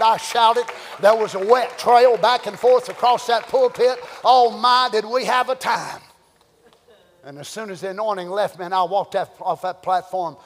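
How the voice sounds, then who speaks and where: An older man preaching a sermon, swinging between loud shouting and quiet storytelling. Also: high-pitched, big-room sound. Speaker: pastor.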